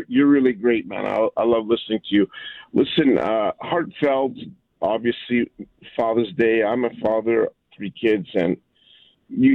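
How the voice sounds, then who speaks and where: Gravelly older caller on a tinny phone line. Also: male voice, mid-range voice, dry recording. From Montreal area, Canada. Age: 50s. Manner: heartfelt, rambling, quotes people in their voices. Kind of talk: phone-in storytelling.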